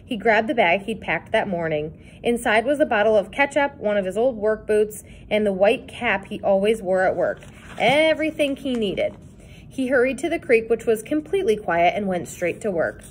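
A woman reading a children's chapter book aloud with expressive, dramatic pacing. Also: medium pitch, moderate pace, slight background noise. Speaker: reader. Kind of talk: read-aloud storybook narration.

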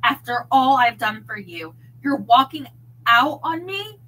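A woman's voice: high-pitched, wildly swooping pitch, measured pace, pushed and bright, far from the mic, full character voice, poor audio. A woman voicing an older male talent agent who pleads and wails when his client leaves him. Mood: furious. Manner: pleading, wailing.

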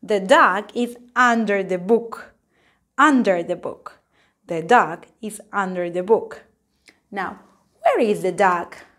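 A woman's voice: mid-range voice, takes it slowly, a bit bright. A woman with an Argentine accent, a native Spanish speaker, teaching an English lesson to camera, repeating each sentence and asking the viewer questions.

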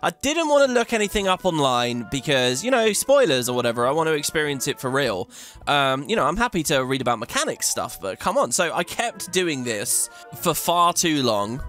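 A chatty man giving commentary over a game playthrough. He thinks aloud and laughs often, and his voice sits a touch high for a man while jumping up and down a lot as he reacts. Faint music plays underneath him. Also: big pitch swings, normal speed, fairly bright tone. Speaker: let's play host.

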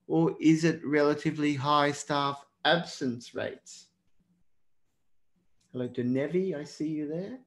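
An Australian man teaching a live online exam prep lesson, encouraging and speaking to viewers in the chat by name. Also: a little high.

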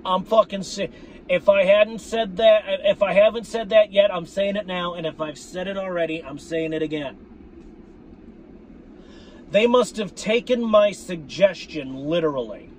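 High-voiced man on a profane fan rant. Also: unhurried, slight background noise. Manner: profane, repetitive, addresses viewers as folks. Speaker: sports fan vlogger. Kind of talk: ranting fan commentary.

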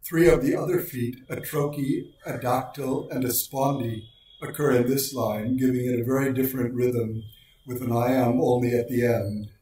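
A man giving a precise, measured lecture on poetic meter and slowing down to recite lines of verse. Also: mid-range voice, fairly even intonation, mellow, a little hiss or hum. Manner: precise, deliberate delivery, slows for quoted lines. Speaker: lecturer on poetry. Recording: very echoey room, voice far from mic.

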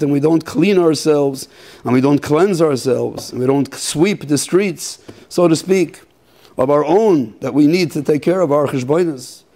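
Mellow rabbi, throat-clearing sermon. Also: male voice, a little high. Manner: halting, repeats words, clears throat often.

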